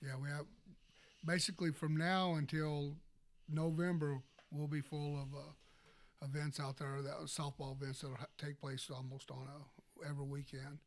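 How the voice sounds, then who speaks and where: A man's voice: a little high, flat delivery, normal speed. A man in a casual radio interview as a city parks and recreation director, answering steadily with many hesitations.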